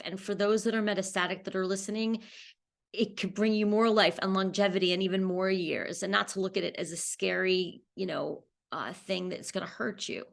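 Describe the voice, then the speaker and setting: A woman's voice: mid-range voice, fairly even intonation, moderate pace, gravelly. Candid woman in her forties telling her story. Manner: candid, with frequent fillers and restarts. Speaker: cancer survivor sharing her story. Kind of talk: personal storytelling interview.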